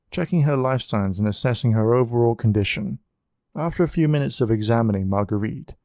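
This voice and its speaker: A man's voice: medium pitch, dry recording. Man reading an audiobook in a dry room. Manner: even, measured reading. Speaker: audiobook narrator. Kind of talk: scripted narration.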